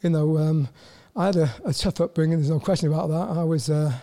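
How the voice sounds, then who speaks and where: A Welsh man in his sixties, a guest in a casual interview, talking haltingly with many repeated words and a self-deprecating manner. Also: fairly high pitch, gravelly, mellow. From Wales. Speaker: guest, former footballer.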